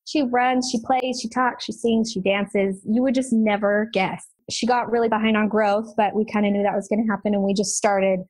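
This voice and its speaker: A woman guest on a podcast, a mother speaking proudly and warmly with easy laughs. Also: medium pitch, fairly even intonation, normal speed, hardly any pauses, low-quality recording. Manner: warm, proud and laughing easily. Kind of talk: interview answers.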